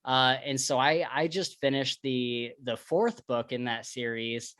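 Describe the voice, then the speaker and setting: A man co-hosting a podcast chats eagerly about books, filling his sentences with casual fillers. His voice sits at an ordinary middle pitch. The recording is close and dry, with no room sound. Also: a little slow, fairly bright tone, dry recording. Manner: chatty, enthusiastic, many fillers. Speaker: podcast co-host. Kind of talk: casual book chat.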